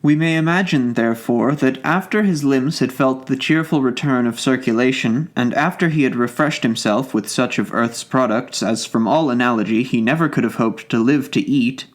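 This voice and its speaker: A man narrating a classic story as an audiobook, in a measured, formal literary reading. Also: mid-range voice.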